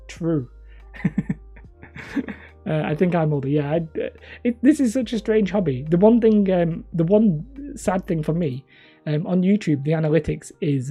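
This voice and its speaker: A man's voice: high voice, warm tone, husky. A man in his thirties, hosting a hobby channel and chatting casually with live viewers in a rambling, self-mocking way. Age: 30s. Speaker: hobby terrain channel host.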